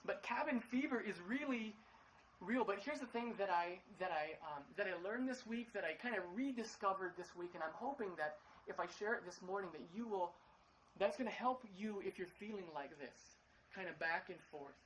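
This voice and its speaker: A man's voice: high voice, expressive, moderate pace, a bit bright, a little hiss or hum, poor audio. A man preaching a casual livestream sermon from his living room, chatty and upbeat, with many fillers and restarts, acting out quoted lines in playful voices. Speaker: pastor.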